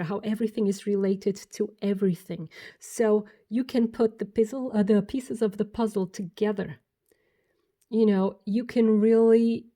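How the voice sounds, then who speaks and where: Mellow-voiced woman giving a tarot reading. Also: mid-range voice. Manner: warm, emphatic, speaks directly to the viewer. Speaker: tarot reader. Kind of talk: pick-a-card tarot reading.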